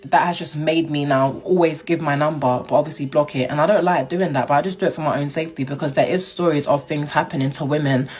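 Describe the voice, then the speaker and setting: A woman's voice: sits low, fairly even intonation, quick pace, hardly any pauses, darkish tone. A young woman telling a personal story in a chatty, indignant way, laughing as she goes. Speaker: vlogger. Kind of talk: casual storytime.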